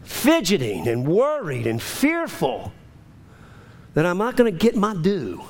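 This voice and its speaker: Male preacher, high-pitched, delivering a passionate sermon with sweeping highs and lows. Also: huge pitch swings, a little slow. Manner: impassioned, rising to urgent high pleas then dropping low. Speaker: pastor.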